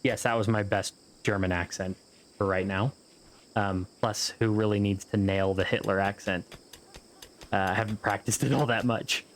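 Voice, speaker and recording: A man's voice: lowish voice, fairly even intonation, moderate pace, slight background noise. A man giving casual, rambling gameplay commentary, joking around and swearing freely as he plays. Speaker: gameplay video host.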